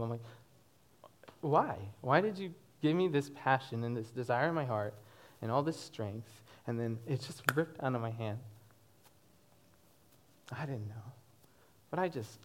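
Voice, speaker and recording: A young man in his twenties giving a personal testimony to a church congregation, animated and often laughing as he tells it. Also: mid-range voice.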